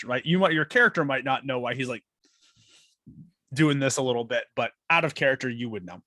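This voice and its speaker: A man's voice: medium pitch, expressive, fast talker, sharp tone, dry recording. A man explaining a tabletop game as game master, in a loose, chatty way with many fillers.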